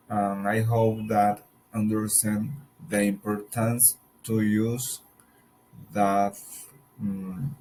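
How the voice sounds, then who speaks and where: Slow, careful man teaching a lesson. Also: fairly low pitch, a little mellow, slight background noise, poor audio. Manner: careful, halting explanation with pauses and repeated example words. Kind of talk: recorded mini lesson on pronunciation.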